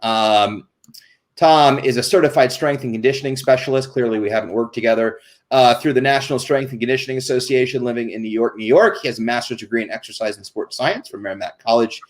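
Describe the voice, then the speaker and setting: A man hosting a casual live stream, chatty and greeting viewers, often stumbling and restarting his words. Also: medium pitch. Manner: reads off viewer names and disclaimers quickly. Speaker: host.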